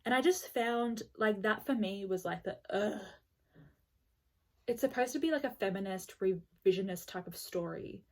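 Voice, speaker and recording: A woman's voice: mid-range voice, normal speed, a little mellow. Blunt, exasperated woman book reviewer. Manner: blunt, exasperated, peppered with "like" and swearing. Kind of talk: casual book review vlog.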